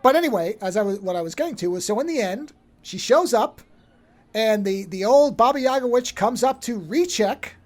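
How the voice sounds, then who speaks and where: A man co-hosting a podcast, recapping a horror film in an animated, rambling way with many restarts. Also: high voice, normal speed. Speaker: podcast co-host. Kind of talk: casual film-discussion chat.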